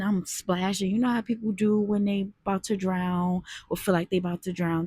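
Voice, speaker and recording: A woman's voice: on the low side, dark tone, no room sound, studio quality. A woman telling a personal story in an earnest, conversational way, talking straight to her viewers. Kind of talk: casual storytime monologue.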